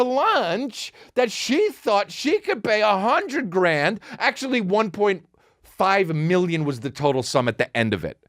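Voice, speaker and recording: A man's voice: high-pitched, very animated, measured pace, a bit bright, no echo, clean studio sound. A male comedian and podcast host delivering a sarcastic, profane rant, slipping into mocking voices. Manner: sarcastic, swearing, mocking impressions.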